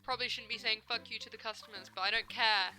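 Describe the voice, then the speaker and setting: A young woman streaming a game, her voice very bright and cutting as she rants with plenty of swearing and jokes at her own expense. Her pitch sits a little high, and soft music plays faintly behind her. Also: fast talker. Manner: animated, profane ranting, self-mocking. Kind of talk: casual gameplay commentary.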